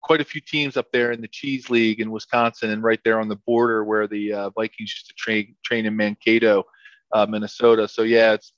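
A man's voice: on the low side, flat delivery, a little fast, no echo. Middle-aged man, ex-lineman guest, rambling storyteller, lots of restarts; dry, dull lo-fi audio. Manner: rambling, repeats words, many fillers. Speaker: former football lineman, guest. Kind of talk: casual interview storytelling.

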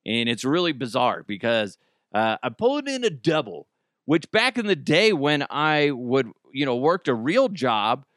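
A man's voice: medium pitch, sing-song, measured pace, a bit bright, dry recording, clean studio sound. A man hosting a casual podcast from home, rambling, joking and riffing. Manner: rambling, jokey, riffing into silly voices. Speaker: podcast host. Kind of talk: casual solo podcast chat. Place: home basement.

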